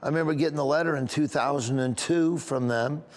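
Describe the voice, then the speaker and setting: A comedian recalls an emotional story in an interview, rambling and frequently close to tears while also laughing. He speaks briskly in a higher-pitched male voice, with a long reverb tail on the recording.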